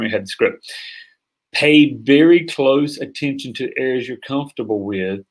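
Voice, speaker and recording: Fast-talking Southern-drawl man, husky voice. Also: medium pitch. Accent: Southern American drawl. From North Carolina, US. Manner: fast, emphatic, checks in with listeners. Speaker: sales coach. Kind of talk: teaching a sales training session.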